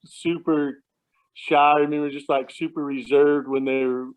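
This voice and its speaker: A man's voice: on the high side, flat delivery, moderate pace, smooth. A man casually telling family stories on a phone call, chuckling often and restarting his sentences as he rambles. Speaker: relative sharing memories at a family remembrance. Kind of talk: casual anecdotal storytelling. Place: at home at night. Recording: tinny phone line.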